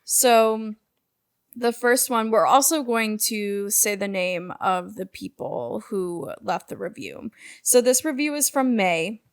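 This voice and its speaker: A woman's voice: mid-range voice, expressive, slow pace, clean tone. Young woman, podcast co-host, easygoing, dry jokes, mid-range voice. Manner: laid-back, dry joking. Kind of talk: casual chat.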